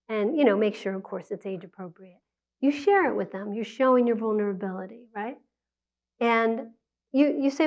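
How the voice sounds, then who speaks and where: A woman's voice: fairly high pitch, moderate pace. A woman giving a conversational public talk on parenting, acting out quotes from parents and children. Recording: dull lo-fi sound.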